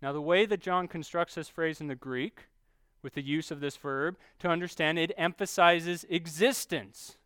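A man preaching a sermon, teaching steadily and slowing down to stress key phrases. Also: a little high, a bit bright, smooth, no room sound. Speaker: pastor.

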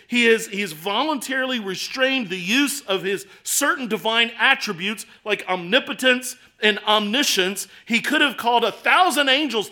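Guy preaching a sermon, high bright voice, goes from hushed to fired up. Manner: earnest, swings from hushed to impassioned.

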